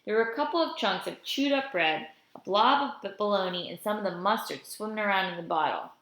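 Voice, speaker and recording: A woman reading a children's novel aloud in a steady first-person storytelling voice. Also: medium pitch, a little fast. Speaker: audiobook reader. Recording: roomy echo.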